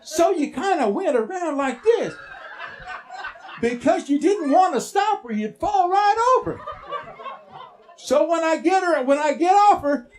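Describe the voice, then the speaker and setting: Playful storyteller, lively voice. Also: male voice, very high-pitched, unhurried, long pauses, a little hiss or hum. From Texas. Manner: playful, teasing, animated asides to audience. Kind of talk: live storytelling performance. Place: stage before a live audience.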